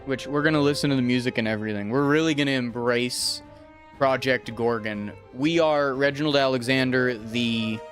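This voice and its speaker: A man's voice: mid-range voice, normal speed, a bit bright, faint music behind. A young adult man casually rambling and swearing as he streams a game and talks to his chat. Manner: profane, rambling, talks to chat while playing. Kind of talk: casual gameplay commentary.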